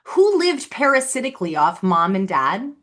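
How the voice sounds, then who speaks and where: A woman's voice: medium pitch, sing-song, normal speed, a bit bright. A woman speaks straight into the camera in a solo vlog, her tone accusatory and sarcastic. She repeats her points and mocks the person she addresses. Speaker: vlogger. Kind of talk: direct-to-camera monologue.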